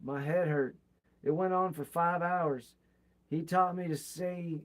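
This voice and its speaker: A man's voice: on the high side, fairly even intonation, slow. A man reading a biography aloud and adding his own comments, acting out the quoted people with bursts of energy. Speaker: reader of a biography.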